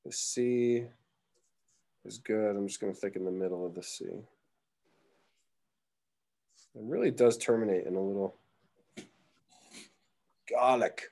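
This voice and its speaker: A man's voice: fairly low pitch, normal speed, pauses often, dark tone. A young man teaching a live drawing class, chatting casually and thinking aloud as he sketches. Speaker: art teacher.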